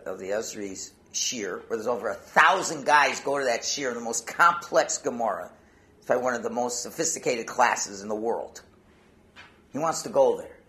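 A man teaching through storytelling, animated and conversational, swinging between loud stretches and hushed ones. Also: mid-range voice, creaky. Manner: conversational asides and restarts. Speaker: Torah teacher. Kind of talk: storytelling talk.

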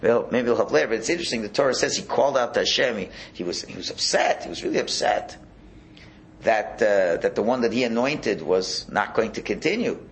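A rabbi leads a Torah class with a lively, swooping voice. He talks casually and keeps asking his listeners questions. A faint hum of room ambience sits behind him. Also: fairly low pitch, fast, hardly any pauses. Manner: animated, conversational, rhetorical questions.

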